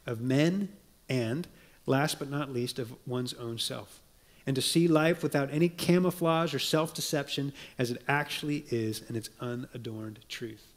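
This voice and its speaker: Reading quotations aloud as he preaches, a pastor keeps an earnest, measured manner, and he drops to quiet, low tones to underline a point.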